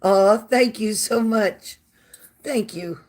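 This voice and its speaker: A woman with a raspy, low smoker's voice and a sore throat, hosting a casual livestream and warmly thanking viewers by name. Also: takes it slowly. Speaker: livestream host reading viewer comments.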